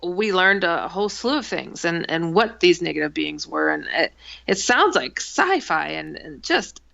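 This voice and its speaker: Woman from milwaukee, guest on a talk show, gravelly voice, really animated storytelling. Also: fairly low pitch, unhurried. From Milwaukee, USA. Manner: animated, acts out quotes, laughs mid-sentence. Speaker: guest author and researcher. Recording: dull, dry lo-fi sound.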